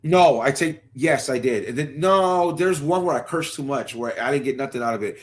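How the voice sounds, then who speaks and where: A man's voice: medium pitch, animated, normal speed. Laid-back slangy man, casual chat. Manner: laid-back, slangy, calls people bro.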